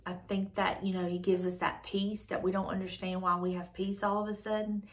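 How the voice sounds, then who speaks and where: A woman's voice: medium pitch, level tone, brisk. A woman with a mid-range voice reads from a devotional book and reflects on it aloud. She talks earnestly, circling back over her phrases as she works out her thoughts. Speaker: devotional channel host.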